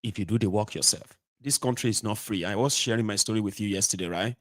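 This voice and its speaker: A Nigerian man hosting a casual livestream monologue from a home studio, animated, slipping into pidgin and acting out little scenes. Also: lowish voice, fast talker, dry recording. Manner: animated, mixes pidgin and Yoruba, acts out voices. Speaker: host.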